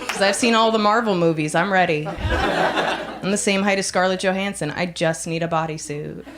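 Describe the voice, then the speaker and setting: Deadpan woman doing stand-up. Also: on the low side, moderate pace, heavy background noise. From United States. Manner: deadpan, dark jokes, laughs at her own lines. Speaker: stand-up comic. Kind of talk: stand-up set. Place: comedy club stage.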